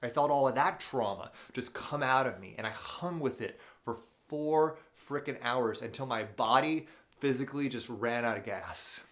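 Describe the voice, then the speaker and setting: A man hosts an unscripted live motivational show. He tells a personal story in a loose, animated way, full of fillers and restarts. His voice sits at a middle pitch. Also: moderate pace, few pauses. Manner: reads viewer questions aloud.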